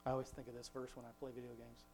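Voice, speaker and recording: A man's voice: medium pitch, monotone, vocal fry, darkish tone, soft background music. Rambling man giving an informal devotional talk. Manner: rambling and conversational, with frequent restarts; quotes scripture in a slowed, emphatic voice. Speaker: father leading a family devotion.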